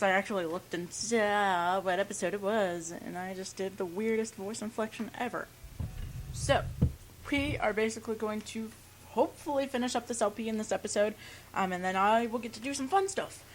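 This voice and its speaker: A woman's voice: medium pitch, normal speed, a little hiss or hum, rough recording. A young woman hosting a let's play, chatting casually with many fillers as she plays. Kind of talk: casual gameplay commentary.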